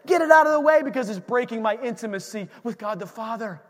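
A man preaching a sermon as pastor, animated, swinging from shouts to hushed asides. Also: very high voice, fast, big-room sound.

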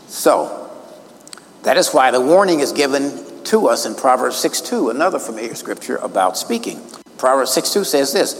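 A male minister preaches from his notes, pressing his points and drawing out the words he wants to land. His voice sits in a mid range. It rings through a reverberant hall over a faint hiss. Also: mid-range voice. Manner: emphatic, stretches key words slowly. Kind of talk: sermon teaching from notes.

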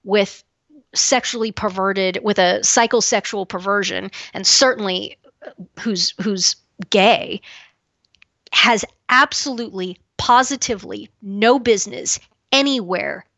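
A woman's voice: mid-range voice, unhurried, fairly bright tone, no room sound. Blunt, emphatic woman podcaster. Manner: emphatic, blunt, frequent restarts. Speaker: podcast co-host. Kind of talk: opinionated podcast commentary. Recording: dull, lo-fi dry sound.

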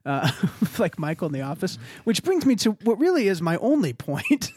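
Animated man telling a story. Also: normal speed, husky. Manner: animated storyteller, acts out quoted voices with big pitch jumps. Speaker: podcast co-host telling a story. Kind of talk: casual chat.

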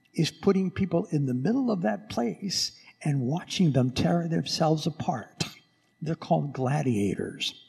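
A priest putting on a scornful Roman emperor. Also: male voice, a little high, creaky, darkish tone, breathy edge, exaggerated voice. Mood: mocking. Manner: scornful, laughing, domineering. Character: mocking ancient Roman emperor, male, arrogant, cruel. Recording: echoey church from some distance.

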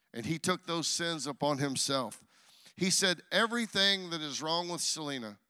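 A man's voice: on the high side, sharp tone, clean tone. A man preaching as guest pastor, telling a personal story with acted-out dialogue and frequent restarts. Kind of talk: sermon.

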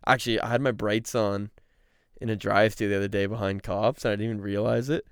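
A young man rants loosely on a casual podcast, cursing as he goes. His voice sits a little low and sounds smooth. The sound is close and dry. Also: fast talker, no echo. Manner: animated ranting, swears freely. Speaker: podcast co-host. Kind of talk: casual chat.

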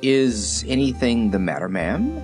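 A man's voice: mid-range voice, sing-song, unhurried, faint music behind. A man reading aloud and voicing a huge timid lion who speaks mildly and meekly. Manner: mild, meek. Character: huge timid male lion, mild and meek.

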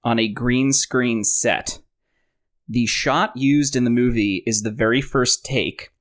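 A man hosting a casual movie podcast, sharing trivia in a relaxed, joking way. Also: medium pitch, takes it slowly. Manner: relaxed, shares trivia, jokes around. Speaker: podcast host.

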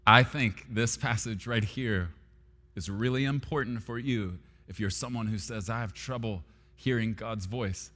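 A man preaching a sermon as pastor, swinging between loud emphasis and hushed, near-whispered lines. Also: fairly low pitch, measured pace. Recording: long hall reverb with soft guitar underneath.

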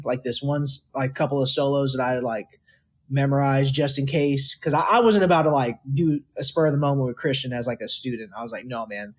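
A young man from Texas, a guest musician, telling stories casually in an interview and acting out what people said. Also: medium pitch. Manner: animated, quotes people in lively voices.

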